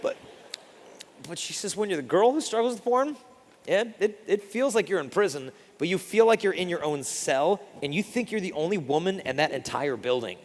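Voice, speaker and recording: A man giving a live talk as a Catholic speaker, telling lively stories and acting out the quotes. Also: high-pitched, normal speed, in a large hall. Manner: animated storyteller acting out quotes.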